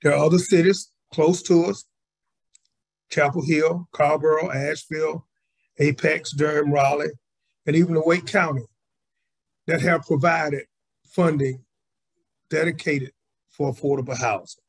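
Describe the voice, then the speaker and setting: Husky man giving a measured speech. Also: on the high side, fairly even intonation. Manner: measured, read-aloud policy speech. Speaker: community organizer speaker. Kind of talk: prepared speech at a virtual assembly. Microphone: video call.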